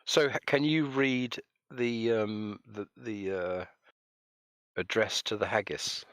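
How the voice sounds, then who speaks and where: Dry, low-voiced man hosting a call. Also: fairly even intonation, slow, fairly bright tone, no room sound. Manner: jokey, rambling, reads chat comments aloud. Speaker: live stream host. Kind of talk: casual chat on a voice call.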